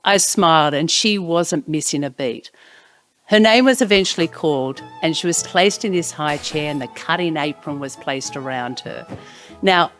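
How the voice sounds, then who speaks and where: Low-voiced woman telling a story. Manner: expressive, drops to hushed tones. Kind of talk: personal anecdote narration.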